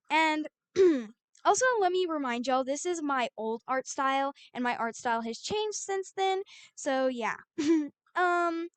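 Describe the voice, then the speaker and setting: A young woman artist recounts her stories in a lively, exasperated way. Her voice sits high. The recording is close and dry. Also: dry recording. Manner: animated, exasperated storytelling. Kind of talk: storytime vlog.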